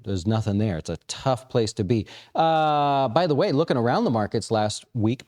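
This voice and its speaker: Man, market-commentary host, mellow tone, casual and rambling, lots of uhs, mid pitch. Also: animated, moderate pace. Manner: conversational, frequent fillers and restarts. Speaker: investment firm host.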